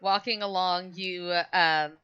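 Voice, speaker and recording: A woman's voice: lowish voice, fairly even intonation, takes it slowly, smooth. Woman game master, dull lo-fi mic. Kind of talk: narrating a tabletop game.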